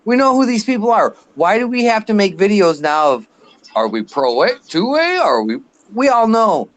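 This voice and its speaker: A man's voice: sits high, very animated, moderate pace. A man in his late thirties ranting bluntly and swearing in a casual live chat. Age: late 30s. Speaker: guest on a live show.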